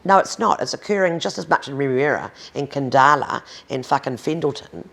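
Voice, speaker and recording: A woman's voice: rumbling low, animated, a little fast, creaky, a bit bright. A woman in her fifties with a New Zealand accent, speaking bluntly and emphatically in an interview, swearing freely. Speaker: interviewee, domestic violence advocate. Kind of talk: candid conversational interview.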